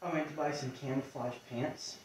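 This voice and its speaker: A man's voice: medium pitch, steady tone, normal speed, very echoey, far from the mic, background noise. A man telling dad jokes over drinks, trying hard not to laugh and mumbling his punchlines. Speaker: joke-telling drinking game player. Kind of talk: casual banter.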